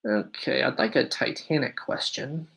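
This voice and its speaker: A man's voice: mid-range voice, a little slow, vocal fry, a bit bright, low-quality recording. A man in his twenties hosting a casual livestream, upbeat and chatty, answering viewer questions and thanking his audience. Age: 20s. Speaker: livestream host.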